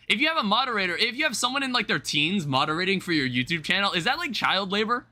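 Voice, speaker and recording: A man's voice: high-pitched, big pitch swings, quick pace, hardly any pauses, bright, forceful tone. A young man rambling through casual live-stream chat, swearing offhandedly as he talks to viewers from home. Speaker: livestreamer.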